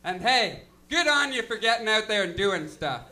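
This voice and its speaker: A man's voice: high-pitched, sing-song, moderate pace, pushed and bright. A young man doing a stand-up comedy set in a loose, self-deprecating way, full of fillers. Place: comedy lounge stage.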